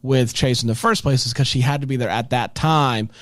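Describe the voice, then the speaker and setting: A man's voice: medium pitch, fairly quick, fairly bright tone, no echo. A man co-hosting a podcast, recapping a movie in a joking, rambling way. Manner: joking, rambling, playful asides. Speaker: podcast co-host. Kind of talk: casual chat, movie recap.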